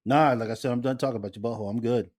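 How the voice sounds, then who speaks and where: A man's voice: mid-range voice, rapid-fire, darkish tone, dry recording, clean studio sound. A man co-hosting a podcast, teasing and blunt, cracking crude jokes. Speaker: podcast co-host. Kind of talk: casual chat.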